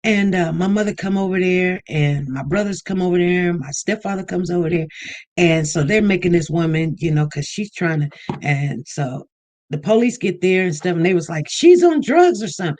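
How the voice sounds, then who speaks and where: A woman giving casual commentary on a vlog, animated and repeating herself as she mimics other people. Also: on the low side, moderate pace. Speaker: online news commentator.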